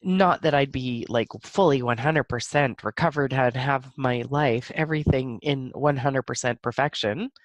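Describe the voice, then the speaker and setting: A woman's voice: low-pitched, no room sound, dull audio. Woman podcaster talking solo, teary and stuffy-nosed, laughs between thoughts, dry close sound. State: stuffy nose. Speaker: podcast host. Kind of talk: reflective solo podcast monologue.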